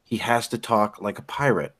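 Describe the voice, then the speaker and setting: A man's voice: fairly low pitch, normal speed, a bit bright. A man co-hosting a podcast from home over an online call, profane and teasing, with a mock-dramatic streak. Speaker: podcast co-host. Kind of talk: casual chat.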